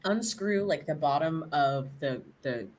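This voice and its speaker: A woman playing a tabletop role-playing game, describing her actions haltingly with fillers and dry humor. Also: low voice, expressive, darkish tone, a little hiss or hum. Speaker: player. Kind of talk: casual tabletop game chat.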